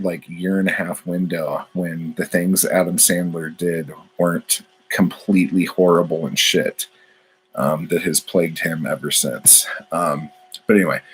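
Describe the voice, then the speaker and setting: A man's voice: sits low, slight background noise, low-quality recording. A man, a poet, talking in a casual, profane, meandering monologue full of fillers.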